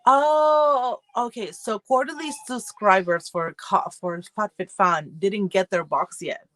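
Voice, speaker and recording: A woman's voice: medium pitch, animated, measured pace, fairly bright tone, no room sound. A woman casually chatting on a livestream about subscription boxes, rambling with fillers and greeting viewers by name. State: feeling cold. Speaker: subscription box reviewer hosting a livestream. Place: home room.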